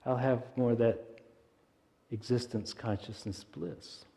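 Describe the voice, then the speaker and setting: Male minister, calm meditative sermon, warm mellow tone, long church-hall reverb. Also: mid-range voice. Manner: gentle, unhurried, soft-spoken with pauses. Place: church sanctuary.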